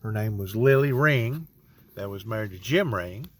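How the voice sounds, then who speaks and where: A middle-aged man, slowly telling a personal religious testimony with emphatic rising peaks. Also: on the low side, animated, slight background noise. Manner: slow, drawn-out storytelling with rising emphatic peaks.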